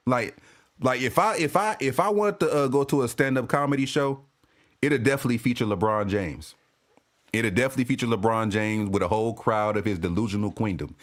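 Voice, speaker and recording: A man's voice: medium pitch, expressive, brisk. A man giving a casual, profane sports-fan rant to camera, laughing and repeating himself as he goes.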